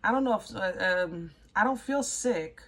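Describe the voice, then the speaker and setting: A woman giving a casual tarot reading, chatty and easily excited, rambling and restarting as she talks through the cards. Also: mid-range voice, unhurried. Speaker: tarot reader.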